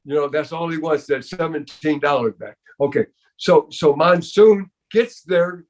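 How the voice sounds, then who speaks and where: A man's voice: on the high side, measured pace. An older man telling a story as an interview guest, rambling with many restarts and repeated fillers.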